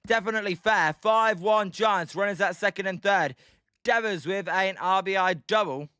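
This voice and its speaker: A man's voice: high voice, normal speed, smooth, no room sound, studio quality. A British man doing live play-by-play commentary of a baseball game on his stream, joking and answering viewers in the chat. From Britain. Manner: excitable, jokey, reads out and answers chat viewers.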